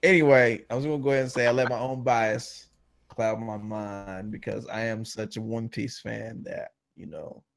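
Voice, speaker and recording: A man hosting a casual gaming podcast, talking in a brash, animated way and swearing freely. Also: lowish voice, moderate pace, vocal fry. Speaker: podcast host. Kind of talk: casual chat.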